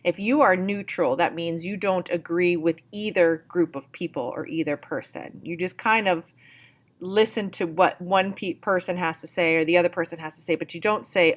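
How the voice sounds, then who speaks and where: A woman's voice: fairly low pitch, moderate pace. A woman teacher reading a picture book aloud and patiently explaining words step by step.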